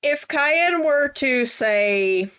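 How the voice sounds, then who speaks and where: Woman player, higher voice, slow, gentle in-character comfort. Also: lively intonation. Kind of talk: playing a tabletop game.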